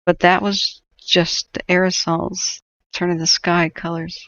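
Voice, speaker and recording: A woman's voice: fairly low pitch, level tone, unhurried, fairly bright tone, no echo, highs cut off. A woman hosting a wildfire-tracking livestream, giving sardonic, rambling commentary and laughing often. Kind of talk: live stream commentary.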